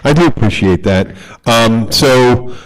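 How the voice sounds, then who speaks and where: A man's voice: mid-range voice, takes it slowly, background noise. A man hosting a podcast, casually telling a rambling, profane story about working in a bar. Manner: profane, rambling anecdotes with acted quotes. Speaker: podcast host, bartender.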